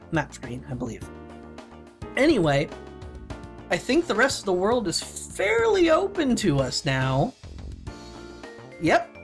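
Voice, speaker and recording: Low-pitched woman streamer, casual let's-play commentary, unhurried and lively, quick laughs and self-corrections.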